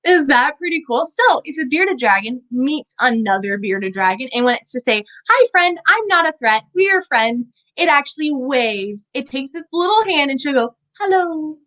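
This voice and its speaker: A woman's voice: high voice, expressive, fairly quick, hardly any pauses, a bit bright, rough recording. Bubbly woman teaching kids about animals. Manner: bubbly, sing-song, asks children questions. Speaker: children's animal educator. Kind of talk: kids' lesson. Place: indoors at an animal center.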